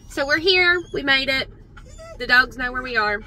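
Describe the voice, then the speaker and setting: A woman's voice: sits high, expressive, moderate pace, noisy background. A woman chatting casually to the camera in a vlog, talking firmly to her dogs from a car. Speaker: vlogger.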